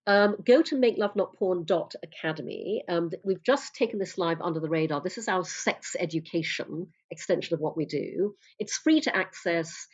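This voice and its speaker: A woman's voice: fairly low pitch, husky. Blunt, outspoken woman on a lo-fi line. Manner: blunt, emphatic, swears freely. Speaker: podcast guest, coach. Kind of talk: casual interview talk.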